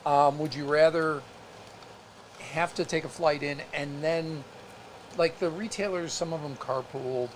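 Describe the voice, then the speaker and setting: A man co-hosting a casual live stream, speaking haltingly with many restarts and reading viewer comments aloud. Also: on the high side, steady tone, a little hiss or hum, rough recording. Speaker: co-host.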